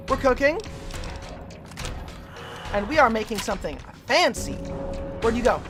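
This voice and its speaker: Woman game streamer, casual and chatty, swears a lot, loud game music behind. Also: mid-range voice, big pitch swings, normal speed, long pauses. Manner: chatty, swears freely, talks to chat while playing.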